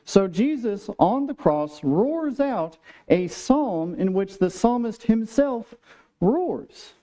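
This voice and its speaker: A man with a high, mellow voice preaches a sermon in a church sanctuary. He talks casually and with humor, slipping into lively acted-out voices for the quotes he reads. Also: slow. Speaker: pastor.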